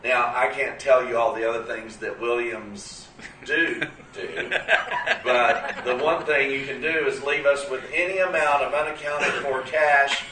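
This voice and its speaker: A man's voice: mid-range voice, fairly even intonation, measured pace, sharp tone, a little hiss or hum. A man in his fifties telling a story in a sermon, folksy and conversational with many fillers. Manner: folksy and conversational, full of "you know" and "uh". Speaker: speaker at a church gathering. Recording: roomy, distant from the mic.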